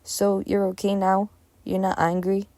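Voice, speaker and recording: A woman's voice: medium pitch, monotone, a little slow, warm tone, no room sound, close to an everyday voice. A woman voicing a frightened little boy who speaks with a Russian accent, pleading and earnest.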